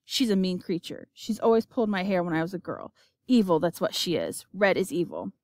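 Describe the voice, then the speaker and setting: A woman reading an audiobook, voicing a petulant, tearful young queen who talks in a whiny, sharp way. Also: lowish voice, big pitch swings, a little fast, no echo, clean studio sound.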